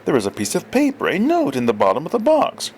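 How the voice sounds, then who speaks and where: Man doing a calm formal manservant. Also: on the high side, fast talker, slight background noise, pitched above the performer's own voice. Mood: composed. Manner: formal, composed. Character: calm, unflustered male manservant.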